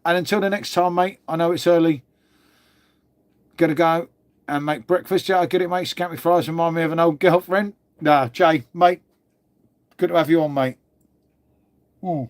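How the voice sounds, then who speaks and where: With a voice on the high side, a steady tone, normal speed and frequent pauses, a middle-aged English host reads viewer comments on a livestream. He's chatty and matey, forever saying "mate," and there's no echo.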